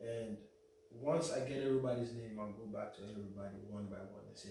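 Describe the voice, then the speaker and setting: A man's voice: lowish voice, quick pace, warm tone, slight background noise. A man from Nigeria, telling a childhood story in a joking way, acting out quotes. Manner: joking, quoting himself. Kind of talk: casual storytelling. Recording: echoey room, mic at a distance.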